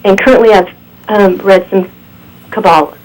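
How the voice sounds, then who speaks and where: A woman calling into a talk show, speaking haltingly as she searches for words. Her voice is going hoarse. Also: mid-range voice, fairly even intonation, a little mellow, low-quality recording. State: losing her voice. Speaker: caller. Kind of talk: call-in conversation.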